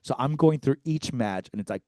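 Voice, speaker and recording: A man's voice: mid-range voice, animated, brisk, mellow, no room sound. Man, comedy podcast co-host, profane storyteller, acts out quotes, dry close mic.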